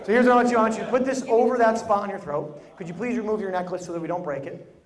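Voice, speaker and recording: A man's voice: high voice, very fast. A man leading a group exercise in a large room, giving emphatic, repeated directions to volunteers and the audience. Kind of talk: live instruction to a group. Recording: echoey hall with crowd noise.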